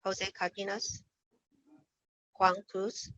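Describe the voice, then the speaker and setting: A woman serving as recording secretary, reading out names for a roll call vote in a flat, even way. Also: medium pitch, takes it slowly. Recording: dull distant lo-fi audio.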